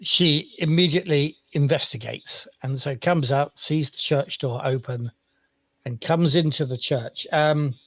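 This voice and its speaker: A man running a tabletop role-playing game as game master, relaxed and rambling with many fillers. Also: fairly high pitch, unhurried, no room sound.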